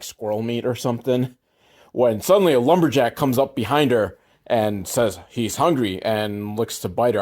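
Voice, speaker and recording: A man delivers a sarcastic, irreverent comedic recap of a movie, dropping deadpan asides and suddenly jumping in pitch for emphasis.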